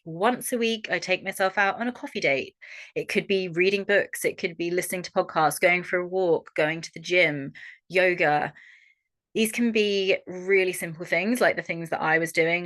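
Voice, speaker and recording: A young Australian woman coaching a workshop audience in a frank, animated way and swearing freely. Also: fairly low pitch. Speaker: holistic coach. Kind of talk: online workshop talk.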